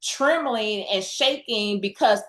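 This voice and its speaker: A woman guest in a faith-based interview, telling stories with scripture references and an animated delivery. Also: mid-range voice, slow, roomy sound. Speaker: guest, real estate investor.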